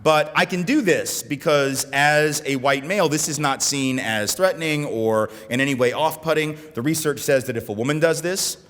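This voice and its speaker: An American man giving a conference keynote, animated and gesturing, often checking in with "right?". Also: a little high, normal speed, few pauses, a little hiss or hum. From United States. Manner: animated, talks with his hands, keeps asking "right?". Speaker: keynote speaker. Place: conference hall in front of an audience. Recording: long reverb of a conference hall.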